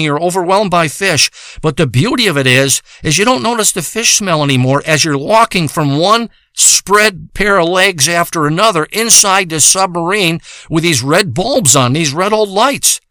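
A man's voice: on the high side, bright, forceful tone, dry recording, clean studio sound. A man telling a rambling, profane comic monologue, wandering from one tangent to the next. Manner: profane, rambling, meandering storytelling.

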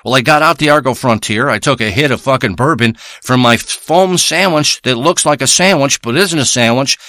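A man's voice: medium pitch, moderate pace, sharp tone, no room sound, clean studio sound, close to an everyday voice. A man playing a crude, rambling male treasure hunter who boasts and swears through a comic monologue. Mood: boastful. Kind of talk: improvised comic character monologue.

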